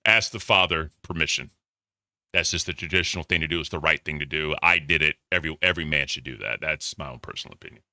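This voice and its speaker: A man hosting casual commentary, offhand and opinionated, often trailing off into quiet mutters. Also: rumbling low, fast, no room sound, clean studio sound. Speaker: commentary host.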